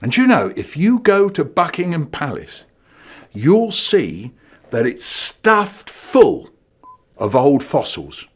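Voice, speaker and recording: This comic storyteller entertains children with a voice that rises and falls, his playful, lively delivery erupting into loud, goofy shouts. He pitches a bit high, talks slowly, and has a breathy edge.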